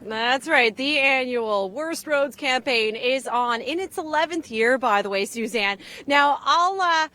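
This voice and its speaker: A woman's voice: sits high, expressive, measured pace, hardly any pauses, pushed and bright. A young woman from Ontario doing a chatty live weather report outdoors in the wind. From Ontario, Canada. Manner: chatty, upbeat, lots of fillers. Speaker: field weather presenter.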